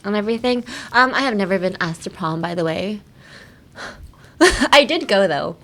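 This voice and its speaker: A woman's voice: mid-range voice, animated, normal speed, a bit bright. A young woman hosting a bilingual podcast, chatting casually and playfully as she teaches. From United States. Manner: playful, giggly, switching between English and Japanese. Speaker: podcast host.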